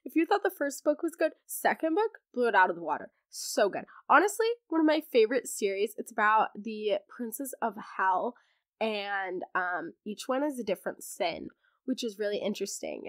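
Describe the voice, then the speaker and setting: A young woman hosting a podcast, chatting excitedly about books in a casual, gushing way, her voice hoarse from laryngitis. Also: medium pitch, normal speed, no echo, clean studio sound. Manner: gushing, animated, acts out characters in quotes. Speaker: podcast host. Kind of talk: casual book chat.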